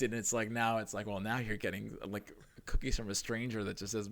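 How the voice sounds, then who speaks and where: A man chatting as a podcast guest, lower-pitched than most, telling anecdotes with lively energy. He laughs often and swears casually, jumping between quoted voices. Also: fairly quick. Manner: animated storytelling with laughs and swearing. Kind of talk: casual chat.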